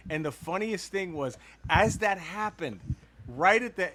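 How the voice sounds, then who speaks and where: A man's voice: sits high, measured pace, background noise. A man and podcast co-host telling a long, profane childhood story in casual chat, laughing as he goes. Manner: animated, profane, laughs through stories.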